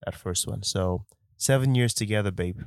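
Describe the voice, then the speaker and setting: Relaxed Nigerian man co-hosting. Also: fairly low pitch, moderate pace, no echo, studio quality. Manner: relaxed, joking, many "like" fillers. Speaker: podcast co-host. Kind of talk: casual conversation.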